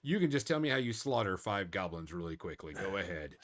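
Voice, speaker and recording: A man's voice: low-pitched, very animated, fairly quick. A man narrating a tabletop game as game master in a loose, casual way, full of fillers and little chuckles.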